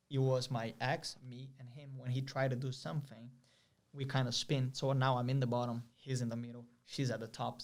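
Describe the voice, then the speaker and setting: A young man from Brazil, telling a story as an interview guest in a lively, vivid way with many fillers. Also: mid-range voice. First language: Portuguese. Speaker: guest, pro soccer player.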